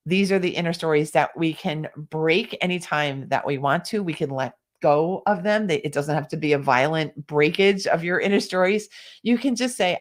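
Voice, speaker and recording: Low-voiced woman coaching a workshop. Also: moderate pace. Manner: encouraging, reads chat comments aloud. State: coughing now and then, sipping tea. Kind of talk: live online workshop talk.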